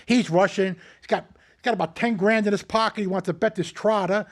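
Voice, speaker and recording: An older man hosting a casual chat, telling animated, profane stories and acting out what others said. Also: high voice, a little fast. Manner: animated, profane, acts out quotes. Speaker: host.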